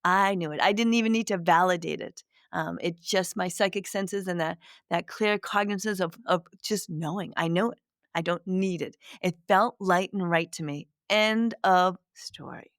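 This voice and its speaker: A middle-aged woman, a spiritual medium, telling a personal story to listeners in a gentle, reflective way with many restarts. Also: on the low side, normal speed, no room sound, studio quality. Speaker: spiritual medium, podcast host.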